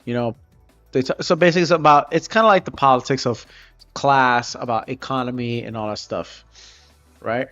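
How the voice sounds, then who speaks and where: A man chats on his art livestream in a loose, rambling way, cursing offhandedly as he goes. His voice sits at a middling pitch. The audio is dull and lo-fi, with faint music playing under it. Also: normal speed, fairly bright tone. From Florida, United States. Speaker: livestreaming artist. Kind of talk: casual rambling chat while drawing.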